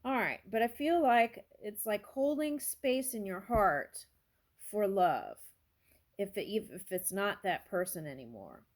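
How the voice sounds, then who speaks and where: A woman's voice: mid-range voice, animated, measured pace. A woman doing a casual tarot reading, thinking aloud and musing over each card with small exclamations. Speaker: tarot reader.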